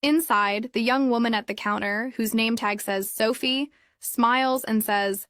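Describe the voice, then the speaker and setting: A woman calmly narrating a story for English learners in clear, evenly paced scripted narration. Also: fairly high pitch, unhurried, few pauses, no room sound.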